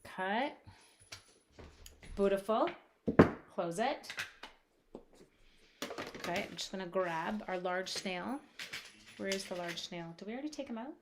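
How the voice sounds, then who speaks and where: A woman's voice: mid-range voice, animated, unhurried, long pauses, background noise. A woman chatting casually while demonstrating crafts at her home desk on a live stream, reading out viewers' comments and talking to her supplies.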